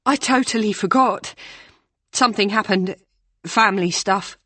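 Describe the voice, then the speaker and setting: A woman voicing a flustered, apologetic young woman, breathless and rushed. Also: medium pitch, bright, forceful tone, no room sound.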